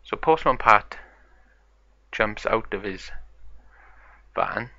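A man narrating a story acted out with toys, in a slow, gravelly way. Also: on the low side, animated, sharp tone, no room sound. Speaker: toy video narrator. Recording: dull lo-fi sound.

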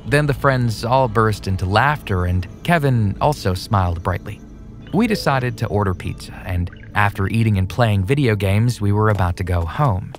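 Low-voiced man narrating a horror story. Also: moderate pace. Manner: steady, plain storytelling. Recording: soft music underneath.

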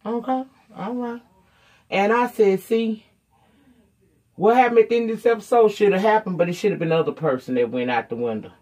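A woman's voice: mid-range voice, fast, dark tone. A woman giving a casual, off-the-cuff recap of a TV episode, blunt and profane, acting out the characters' lines as she retells the story. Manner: blunt, profane, sassy commentary. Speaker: TV recap reviewer.

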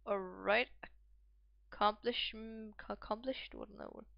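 A woman's voice: mid-range voice, fairly even intonation, unhurried, vocal fry, no echo, lo-fi sound. A woman casually commenting on a football management game as she plays, thinking aloud and calling out player names. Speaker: gaming video host.

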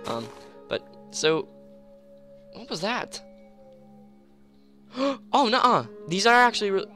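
A young man giving rambling, excitable commentary on a game at home, full of fillers and sudden yelps. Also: sits high, takes it slowly, pauses often, soft background music. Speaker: gamer. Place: home room.

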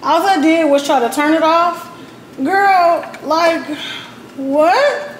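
A woman's voice: very high-pitched, slow. A woman vlogging at home, chatty and casual, talking straight to her viewers and cursing when annoyed. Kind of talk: casual vlog chat. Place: apartment at home. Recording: echoey room with background noise.

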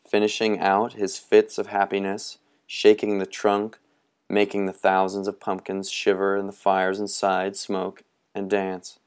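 Low, gravelly man reading a storybook. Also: a little mellow. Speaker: reader.

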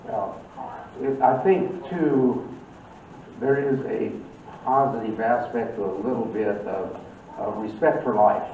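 A man's voice: medium pitch, takes it slowly, a little hiss or hum. Hesitant man asking questions in an echoey room. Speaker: class member. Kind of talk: group discussion. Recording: echoey room from far off, phone-like.

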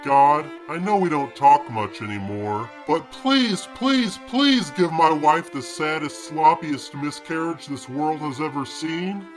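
A man's voice: fairly high pitch, animated, takes it slowly, few pauses, soft background music. A man voicing a grumpy, foul-mouthed fish father in an adult cartoon, ranting and cursing in exasperation. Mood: bitter prayer.

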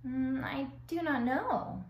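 A woman voicing a calm, polite female robot who speaks in plain, formal words. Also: high-pitched, slow, muffled recording, pitched above the performer's own voice. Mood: earnest. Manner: formal, plain, careful wording. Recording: echoey room.

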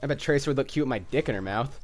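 A man chatting casually while playing an online game, making crude jokes, swearing and yelling at opponents. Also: mid-range voice, racing, a crowd in the background. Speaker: gamer. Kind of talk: casual gaming chat.

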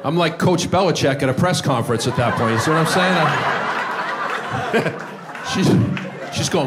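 A male stand-up comedian telling a story in a loud, punchy delivery. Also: a little high, lively intonation, normal speed, pauses often. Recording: live set with loud crowd noise.

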